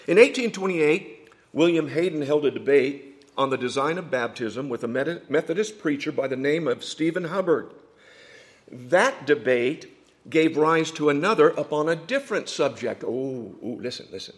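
Dramatic preacher man with a higher voice. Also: lively intonation, moderate pace. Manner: dramatic, swings from hushed to loud emphatic. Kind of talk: sermon storytelling.

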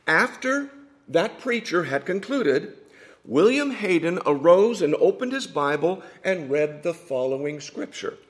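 A man preaching a sermon, telling a story with dramatic swings from hushed asides to loud emphatic points. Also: on the high side, very animated, a little slow.

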